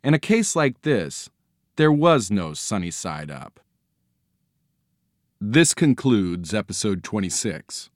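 A man reading a children's storybook aloud in a studio, in an expressive, playful storytelling manner. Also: fairly low pitch, slow, long pauses, no echo. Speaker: audiobook reader. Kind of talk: storybook narration. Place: recording studio.

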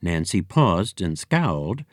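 A man reading a children's story aloud as narrator, with expressive storytelling. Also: deep voice, slow pace, dry recording, clean studio sound. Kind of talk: audiobook narration.

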